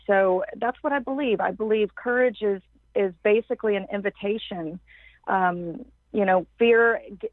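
A woman's voice: mid-range voice, dry recording. A woman guest on a podcast, an empowerment coach speaking emphatically and effusively in long flowing runs. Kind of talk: casual podcast interview. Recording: tinny phone-like line, dry.

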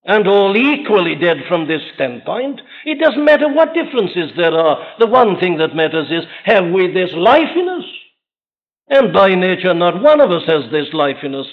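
Impassioned high-voiced preacher. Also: male voice, very animated, unhurried. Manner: impassioned, rising and falling emphasis. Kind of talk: sermon. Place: large church. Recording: dull archival sermon recording.

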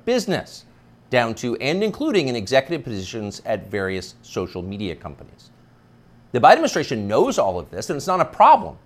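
A man's voice: medium pitch, wildly swooping pitch, fairly quick. A man delivering a scripted opinion monologue as a commentator, emphatic and sardonic.

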